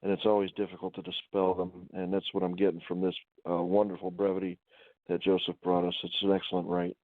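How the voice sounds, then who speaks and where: A man hosting a poetry group, speaking casually with many hesitant pauses. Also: low-pitched, completely flat delivery, no room sound. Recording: tinny phone-like call audio with faint noise.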